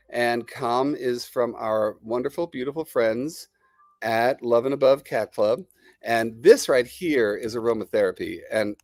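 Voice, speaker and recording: A man hosting a live stream talks to his viewers in a rambling, enthusiastic sales patter. His voice sits at an ordinary middle pitch and is recorded close and dry, with faint music underneath. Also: no echo. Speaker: host. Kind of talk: live-stream product chat, answering viewer comments.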